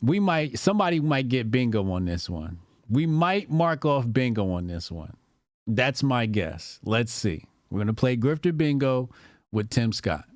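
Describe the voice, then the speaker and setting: A man streams casual reaction commentary, mocking and exasperated and quick to curse. His pitch swings widely. The sound is dry and close to the mic. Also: very animated, no echo.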